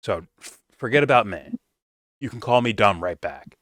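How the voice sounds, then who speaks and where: Blunt, foul-mouthed man with a deep voice. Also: expressive, moderate pace, fairly bright tone, no echo. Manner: blunt, profane, swears freely. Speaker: film reviewer. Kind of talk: casual commentary rant.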